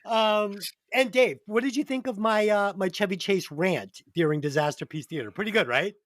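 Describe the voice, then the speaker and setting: A man's voice: high-pitched, moderate pace, fairly bright tone, no echo, studio quality. A man hosting a podcast, joking crudely and laughing often. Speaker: podcast host. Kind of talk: casual podcast banter.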